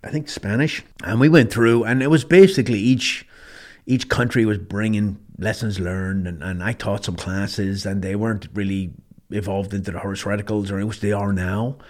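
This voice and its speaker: A middle-aged Irish podcast host and former sniper instructor delivers a casual storytelling monologue, blunt and matter-of-fact with casual swearing. His fairly low voice has a darkish tone, fairly even intonation and a moderate pace.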